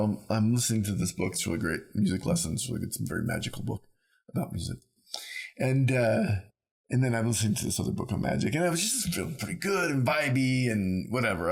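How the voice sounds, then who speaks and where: A man co-hosting a podcast, rambling through ideas in casual conversation and telling stories with lively acted-out quotes. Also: fairly low pitch. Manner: rambling, animated storyteller who acts out quotes. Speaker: podcast co-host.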